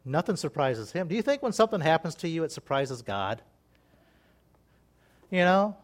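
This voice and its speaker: A middle-aged man preaching an informal sermon in a folksy, animated way, often laughing and acting out voices. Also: a little high, moderate pace.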